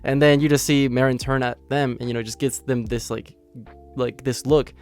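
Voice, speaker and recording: A man hosts his own channel with a hoarse, raspy voice worn down by illness. He stays cheerful and chatty, sitting at an ordinary middle pitch and leaning on loose filler words as he walks through a manga chapter. Soft music plays faintly behind him. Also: steady tone, moderate pace. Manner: upbeat and chatty, full of "you know" fillers and laughs. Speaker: anime channel host. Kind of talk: casual manga chapter review.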